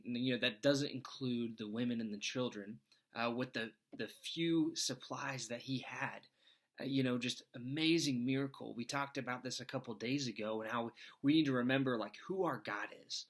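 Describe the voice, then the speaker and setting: A man's voice: medium pitch, a bit bright. A man reading scripture and then giving an earnest, conversational devotional talk, with frequent fillers. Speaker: devotional speaker.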